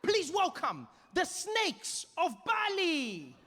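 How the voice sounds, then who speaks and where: A man's voice: huge pitch swings, slow pace, pushed and bright, in a large hall, slight background noise, exaggerated voice. A comedian voicing an eager male tour guide who announces each act with theatrical flair. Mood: announcing. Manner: announcing, theatrical, high-pitched.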